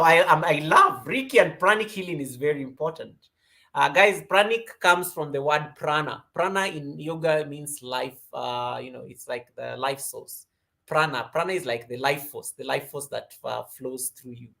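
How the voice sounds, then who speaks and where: Chatty Kenyan woman hosting a livestream. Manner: chatty and rambling, greets viewers by name, animated jumps in pitch and loudness. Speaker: yoga livestream host. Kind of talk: casual livestream chat reading viewer comments.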